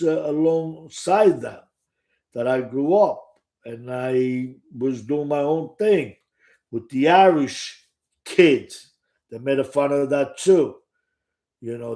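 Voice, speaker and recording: A man's voice: medium pitch, mellow. An older man from Sicily with a Sicilian Italian accent, telling his stories casually to the camera, rambling, restarting often and swearing freely. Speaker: author and storyteller. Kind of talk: casual first-person storytelling to the camera.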